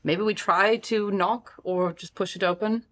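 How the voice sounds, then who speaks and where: A player in a casual tabletop game, talking quickly with frequent restarts. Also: medium pitch, fairly even intonation, a bit bright.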